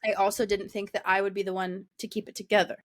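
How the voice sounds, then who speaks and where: A young woman, a podcast co-host, chatting casually, laughing often and acting out quotes in a higher voice. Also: level tone, fast. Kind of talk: casual chat.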